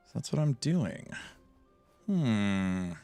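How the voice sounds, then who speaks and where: A man's voice: lowish voice, big pitch swings, drawn-out words, warm tone, soft background music. A man streaming a game build, chatting casually with his viewers in a self-mocking, talk-back way. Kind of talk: casual live-stream chat while gaming.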